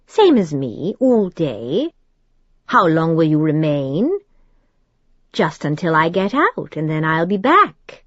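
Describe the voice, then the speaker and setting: A silky, mocking demon speaks with precise, elegant diction, drawing out each threat in a low purr, as a woman narrator puts him on. His menace sits under a soothing politeness. The audio is a touch dull and dry. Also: very animated, takes it slowly, a bit bright, dry recording, heavily acted. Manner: clear, precise accent, purring and sneering. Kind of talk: audiobook character voice.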